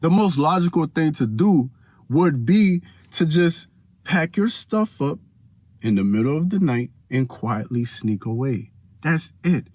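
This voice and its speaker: A man giving casual faith advice to the camera, animated and slangy, talking straight to viewers. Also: on the high side, a little slow, no echo. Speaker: Christian vlogger giving advice.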